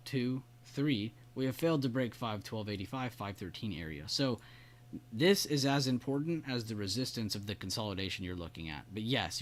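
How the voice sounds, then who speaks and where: A man hosting a live trading stream, walking through charts casually and praising viewers by name. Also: fairly low pitch. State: hiccups. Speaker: trading livestream host. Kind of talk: live market commentary.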